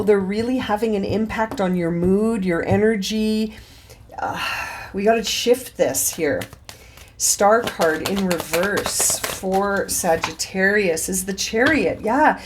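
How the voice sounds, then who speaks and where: Tarot reader, woman, lower register, earnest encouraging delivery, thinks aloud. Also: darkish tone. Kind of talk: tarot reading monologue.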